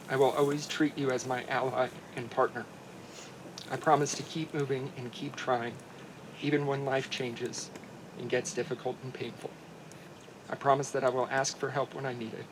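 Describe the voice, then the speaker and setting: A man, the groom, reading his wedding vows in an earnest, heartfelt way, his voice softening at the tender lines. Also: medium pitch, noisy background.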